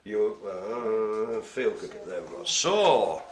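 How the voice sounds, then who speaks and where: A man's voice: fairly low pitch, big pitch swings, takes it slowly, slight background noise. A man hosting a live-streamed bingo game, cracking jokes and rambling in a chatty way to a helper off-mic. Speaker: bingo caller and host.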